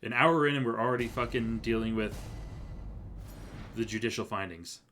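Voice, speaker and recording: A man's voice: on the low side, normal speed, fairly bright tone, slight background noise. A man streaming a courtroom game live, reading its dialogue aloud and chatting casually between lines. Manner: casual asides that break into stiff courtroom reading.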